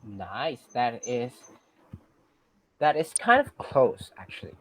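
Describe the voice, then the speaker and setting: A teacher with a Filipino accent giving a class lesson, patiently checking in with students and pausing on fillers. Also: medium pitch, very animated, low-quality recording. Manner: patient, checks in with "okay?" often; hesitant, many fillers and restarts.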